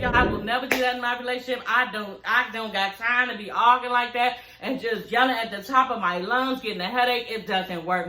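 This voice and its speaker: A high-voiced woman gives a blunt, profane recap of a reality TV episode, laughing as she talks straight to her listeners. Her voice is sharp and bright. She sounds like she is in a roomy, echoing space. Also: slight background noise. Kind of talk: casual profane recap chat.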